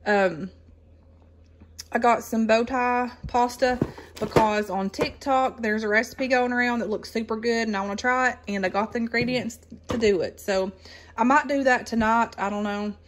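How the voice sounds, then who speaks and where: A woman's voice: on the high side, fairly even intonation, moderate pace, a little hiss or hum. A woman, casually chatting through a grocery haul with lots of ums and folksy asides. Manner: rambling with many ums, folksy Southern-style exclamations. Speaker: vlogger showing a grocery haul. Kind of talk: casual chat.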